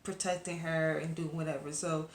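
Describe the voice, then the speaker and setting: A woman's voice: low-pitched, darkish tone, reverberant. A woman reviewing a webcomic episode to camera in a casual, rambling chat full of fillers and asides to her viewers.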